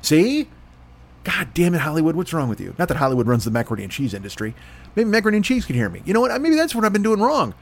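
A man's voice: a little high, big pitch swings, very fast, vocal fry. A man hosting a comedy podcast, riffing through a profane, rambling ad read with a dry throat and mock announcer voices. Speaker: podcast host.

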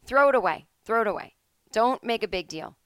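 A woman's voice: a little high, animated, a little fast, dry recording, studio quality. A woman hosting a podcast from home, telling comic stories in a casual monologue and acting out the people she quotes in shifting voices. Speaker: podcast host.

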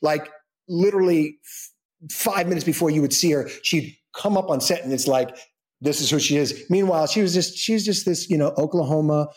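A middle-aged man, an actor, telling backstage stories in a lively way and acting out the quotes. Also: a little fast. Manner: lively storyteller acting out quotes with big pitch jumps. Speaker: actor and guest. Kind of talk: animated anecdote-telling.

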